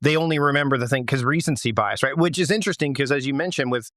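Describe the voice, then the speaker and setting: A man's voice: mid-range voice, fast talker, a bit bright, no echo, studio quality. A man hosting a podcast interview, speaking in a reflective way and building his points step by step. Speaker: podcast host. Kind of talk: conversational interview.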